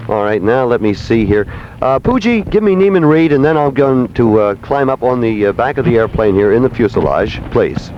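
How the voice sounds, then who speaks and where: A man's voice: medium pitch, lively intonation, normal speed, a little hiss or hum. Hammy radio host man, muffled aircheck. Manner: hammy and theatrical, leading a crowd in chants. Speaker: radio morning show host. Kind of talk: zany live radio broadcast. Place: outdoors at an airport with a crowd.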